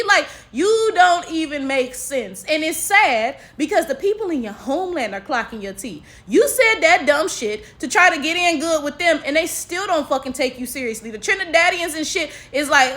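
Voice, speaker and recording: A high-pitched African American woman from the United States talks straight to her audience with plenty of sass. She fills her commentary with "right?" and "you know" and keeps it loose and conversational. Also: animated, moderate pace, hardly any pauses, pushed and bright. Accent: African American English. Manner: chatty, sassy, full of tags like "right?". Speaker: commentary vlogger. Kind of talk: casual opinion commentary.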